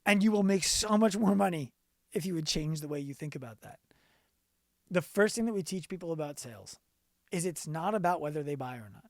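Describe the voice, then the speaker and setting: A man being interviewed on a podcast as a business coach, telling stories earnestly and going quiet for the emotional parts. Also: on the high side, no room sound, clean studio sound.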